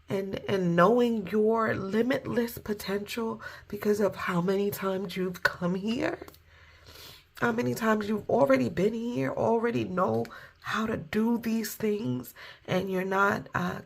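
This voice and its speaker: A woman's voice: mid-range voice, slow pace, creaky, husky. A woman giving a casual spoken tarot reading, heartfelt and informal, with occasional cursing. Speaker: tarot reader.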